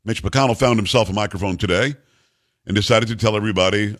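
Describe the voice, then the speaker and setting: A man's voice: fairly low pitch, fast, a bit bright. A man hosting a political talk radio show, delivering an emphatic, ranting monologue full of rhetorical questions.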